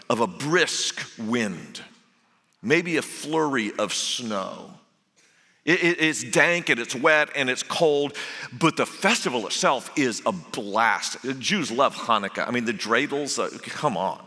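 Bright-voiced man preaching with humor. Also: mid-range voice. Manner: humorous storytelling. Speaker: guest preacher. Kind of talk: sermon. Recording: echoey hall.

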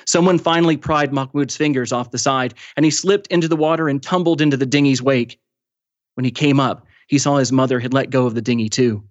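A man reading aloud from his novel in a measured storytelling manner. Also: mid-range voice, dry recording, highs cut off. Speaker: author reading his book. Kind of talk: read-aloud narration.

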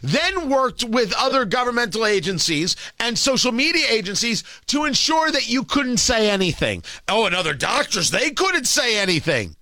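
A man's voice: extremely high pitch, very animated, normal speed, hardly any pauses, sharp tone, dry recording, clean studio sound. A man hosting a political talk radio show, delivering a sarcastic, opinionated monologue full of rhetorical questions.

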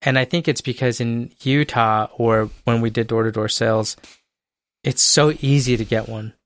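A young man's smooth, resonant voice sits right up front with no room around it. He tells stories in casual, laid-back chat and swears freely. He sounds like a regular podcast co-host. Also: medium pitch, steady tone, moderate pace, no room sound.

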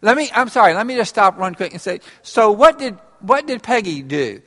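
A man's high, expressive, fairly bright voice carries at normal speed as he preaches an interactive sermon, talking easily with his congregation and laughing with them. He's a pastor, recorded in a reverberant church hall.

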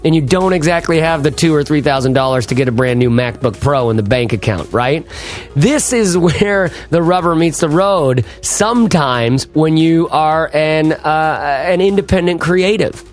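A man with a slightly high voice hosts a podcast in a lively, playful monologue, forever tossing in "right?" and "why?" to pull the listener along. Soft music sits faintly behind him. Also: normal speed. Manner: rhetorical, keeps asking "right?" and "why?"; playful, hams it up. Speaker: podcast host. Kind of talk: casual energetic podcast monologue.

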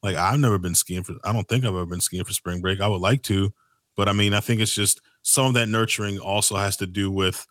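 A man's voice: on the low side, steady tone, brisk, a bit bright, dry recording, studio quality. A man hosting a casual podcast conversation, rambling and filling his talk with "like" and "you know what I mean".

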